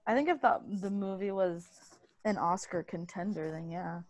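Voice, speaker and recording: A woman's voice: fairly low pitch, normal speed, dry recording. A woman co-hosting a casual podcast chat over a video call, dry and opinionated. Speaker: podcast co-host.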